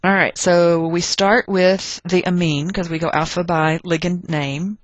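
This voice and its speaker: Chatty chemistry teacher thinking aloud. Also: female voice, fairly low pitch, steady tone, measured pace, no echo, dull audio. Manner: chatty, thinks aloud while working problems. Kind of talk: recorded chemistry lecture.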